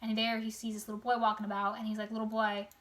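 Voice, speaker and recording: Speaking with a completely flat delivery, this young woman's fairly bright, high-side voice is strained by a sore throat as she gives a casual spoken summary of a novel. Her retelling rambles, packed with fillers, slangy asides, and quick quoted voices.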